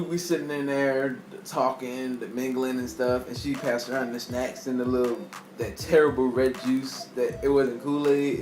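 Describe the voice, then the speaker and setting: A young man telling a casual storytime to his camera, rambling and laughing often, with slang. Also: mid-range voice. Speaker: vlogger. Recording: echoey room with faint music.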